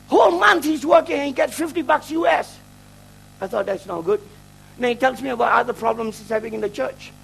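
A man's voice: extremely high pitch, gravelly, a bit bright, breathy edge, poor audio. A middle-aged man from Malaysia, a traveling preacher telling a testimony in his sermon. He jokes and mocks himself. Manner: joking, self-mocking storyteller who laughs at his own lines.

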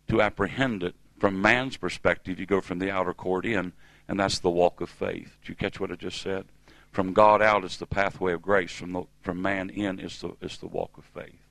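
A man's voice: low voice, gravelly, a bit bright, dry recording, rough recording. A middle-aged man preaching a sermon in a church service, emphatic and calling on the congregation to respond.

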